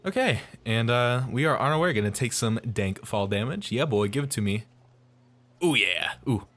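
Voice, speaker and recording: Lively man rambling through gameplay commentary. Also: medium pitch, moderate pace. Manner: rambling, jokey, many fillers. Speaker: let's play host.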